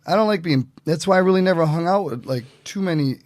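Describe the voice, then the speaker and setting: A man telling stories as a podcast guest in a casual, animated way, acting out what other people said. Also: on the high side, fast, no echo. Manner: animated, acts out quotes in voices. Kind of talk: casual storytelling.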